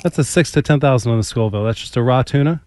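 A man's voice: medium pitch, racing, darkish tone, a little hiss or hum. A man who is a chef, a guest in a radio studio, explaining his food in a plain, down-to-earth way. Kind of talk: casual radio interview.

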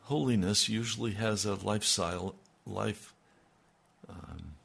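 Husky guy preaching, tells the bible story like chatting, throws in asides. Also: on the low side, a little slow, a bit bright. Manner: folksy retelling with conversational asides. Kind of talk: storytelling sermon.

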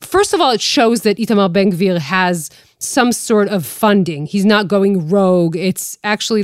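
A woman's voice: mid-range voice, dry recording, studio quality. A woman journalist co-hosting a news podcast, explaining events in an emphatic, conversational way.

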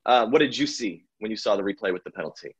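A man co-hosting a casual sports chat who chuckles often and talks in a halting way, with fillers. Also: fairly low pitch, husky. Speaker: podcast co-host, pitchside reporter.

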